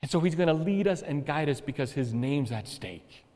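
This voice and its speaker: A man's voice: animated, moderate pace. Earnest preacher man in a reverberant hall. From United States. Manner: earnest storytelling preacher, swells louder and higher at climaxes. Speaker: pastor. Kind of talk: sermon.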